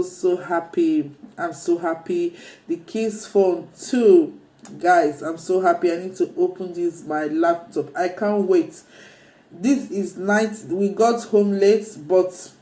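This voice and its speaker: A woman's voice: fairly low pitch, a little mellow, echoey room. A woman filming a casual vlog on her phone, gushing and repeating herself as she talks to viewers. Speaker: vlogger. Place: phone shop, then at home.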